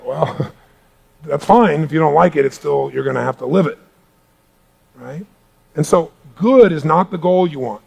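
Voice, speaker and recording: A gravelly middle-aged man delivers a motivational talk to a live audience in a large hall. His voice sits fairly high for a man, with a rough, grainy edge. He drops to near-whispers and then surges into shouts. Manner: booming, energetic, swinging from hushed to shouting. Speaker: motivational speaker.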